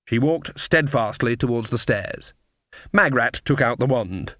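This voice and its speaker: A man giving a measured, scripted audiobook narration. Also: medium pitch, no room sound, clean studio sound. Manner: even, measured storytelling.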